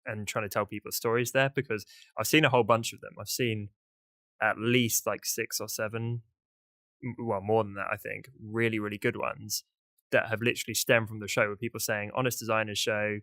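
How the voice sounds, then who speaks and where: Low-voiced British man hosting a podcast. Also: level tone, a little fast, sharp tone, no room sound. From United Kingdom. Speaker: podcast host. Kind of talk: casual podcast chat.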